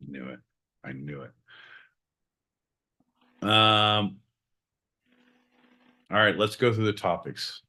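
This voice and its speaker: A man co-hosting a live podcast from Southern California, profane, loud and given to laughing and theatrical outbursts. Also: fairly low pitch, animated, slow, long pauses. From United States. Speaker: podcast co-host. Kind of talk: casual live podcast banter.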